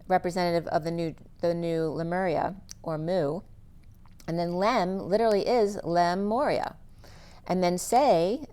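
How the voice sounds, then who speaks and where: A woman giving a solo spiritual reading, thinking aloud as she lists word meanings in a musing run-on flow, her voice going a little hoarse. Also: lowish voice, darkish tone. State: losing her voice, slightly hoarse. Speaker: spiritual reader.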